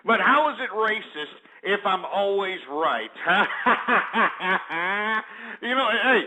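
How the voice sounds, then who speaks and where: A man's voice: sits high, sing-song, measured pace, bright, forceful tone, low-quality recording. A man hosting a comedic call-in show, with brash, mocking, boastful shock-jock patter. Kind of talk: comedic call-in radio parody.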